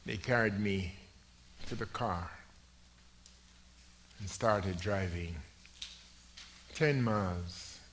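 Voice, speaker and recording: An older man preaching a sermon in a church, telling his story with slow, dramatic delivery that swings from hushed to loud. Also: on the low side, a little hiss or hum. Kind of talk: sermon testimony. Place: church sanctuary.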